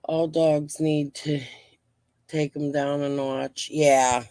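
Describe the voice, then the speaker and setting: A woman's voice: low voice, little pitch movement, slow pace, mellow, dry recording. A woman hosting a live stream from her home, chatting casually in a rambling, blunt and profane way.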